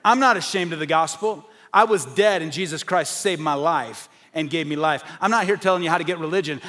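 Man preaching, fairly high voice, emphatic, swings from loud peaks to low quiet lines. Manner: emphatic, building to raised peaks and dropping low; acts out the doubters' voices. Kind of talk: evangelistic sermon.

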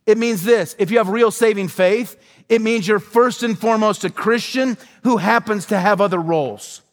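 Fervent high-voiced male preacher in a hall. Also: normal speed. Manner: fervent, emphatic preaching with repeated phrases. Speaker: pastor. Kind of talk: sermon.

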